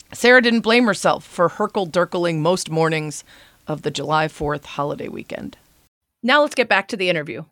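Podcast host, female, measured and explanatory, close dry studio mic. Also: fairly low pitch, fairly bright tone, no room sound. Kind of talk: interview and scripted word-of-the-week segment.

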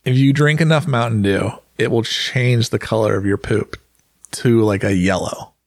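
A man's voice: fairly low pitch, moderate pace, creaky, no room sound, studio quality. A man hosting a podcast, chatting casually in a laid-back, self-mocking way and chuckling often. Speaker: podcast host.

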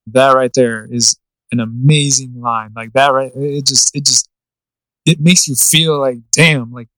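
A laid-back man chatting on a podcast, with a mid-pitched voice and casual swearing. The recording is dry and close, with no room sound. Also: fairly even intonation, measured pace, fairly bright tone, dry recording, rough recording. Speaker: podcast co-host. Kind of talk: casual chat.

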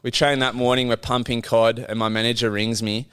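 An Australian man in his thirties, a podcast guest telling an animated anecdote in casual chat. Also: medium pitch, a little fast, clear, resonant tone, no room sound, clean studio sound. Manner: animated anecdote-telling, acting out others' lines.

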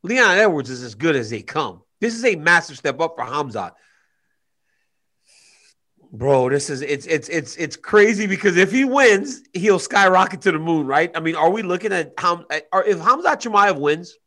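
A man co-hosting a casual sports chat over a video call, animated and joking, often repeating himself. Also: a little high, moderate pace. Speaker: co-host.

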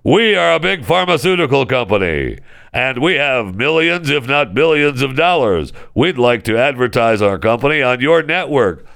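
A man's voice: medium pitch, big pitch swings, normal speed, vocal fry, fairly bright tone, clean tone, voice pushed up. A man voicing a polite, formal pharmaceutical company salesman in a comedy bit. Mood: salesy. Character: smooth corporate pharma salesman, male adult.

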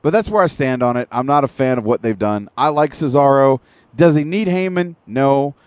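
A man's voice: medium pitch, lively intonation, normal speed, smooth, dry recording. A man co-hosting an internet radio show, ranting in casual, profane wrestling talk with long detailed recaps. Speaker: podcast co-host.

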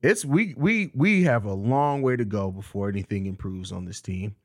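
A man co-hosting a casual sports podcast, speaking in a measured, laid-back way. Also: fairly low pitch, darkish tone.

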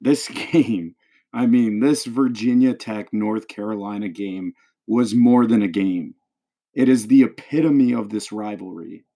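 A man's voice: on the low side, measured pace, warm tone. A man hosting a sports podcast, talking with enthusiasm and dramatic flair. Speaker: podcast host.

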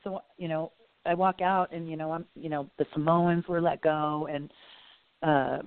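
A woman guest in a casual interview, telling stories in a rambling, animated way. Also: low voice, moderate pace, clean tone, dry recording. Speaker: podcast guest. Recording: phone-like line with faint hiss.

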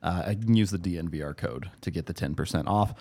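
A man's voice: low-pitched, warm tone. A man hosting a sports podcast, reading sponsor ads between casual chat and laughing often. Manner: laughs often, brisk ad reads. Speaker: podcast host.

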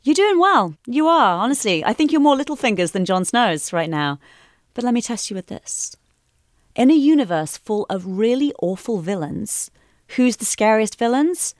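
A woman's voice: on the high side, very animated, moderate pace, dry recording, studio quality. A woman hosting a casual podcast quiz, playful and teasing as she quizzes her co-hosts. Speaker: quiz host.

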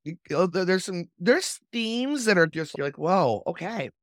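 A woman's voice: on the low side, expressive, moderate pace, no echo, clean studio sound. A woman hosting a podcast, reading sources aloud and chatting in a sardonic, storytelling way. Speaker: podcast host.

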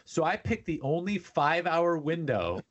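A man's voice: a little high, a little slow, highs cut off. A man, co-hosting a podcast in casual chat, telling stories animatedly and acting out other voices. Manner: animated storytelling, acts out voices. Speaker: podcast co-host.

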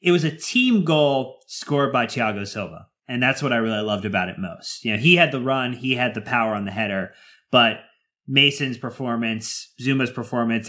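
A man's voice: mid-range voice, a little fast, a bit bright. A man co-hosting a casual podcast, talking enthusiastically and at length. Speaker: podcast co-host.

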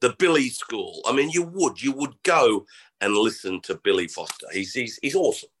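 Golf podcast co-host guy, dry jokes, bright voice that jumps around a lot. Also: mid-range voice, sing-song, normal speed, husky. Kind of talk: casual chat.

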